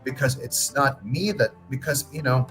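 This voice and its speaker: A man's voice: medium pitch, normal speed, fairly bright tone, faint music behind, rough recording. A man hosting a livestream, arguing his point with frequent restarts and some swearing. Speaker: livestream host. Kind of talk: casual livestream commentary.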